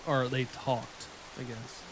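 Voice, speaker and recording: A man's voice: mid-range voice, flat delivery, slow pace, music in the background. A man chatting casually with his live-stream viewers, rambling and laughing often.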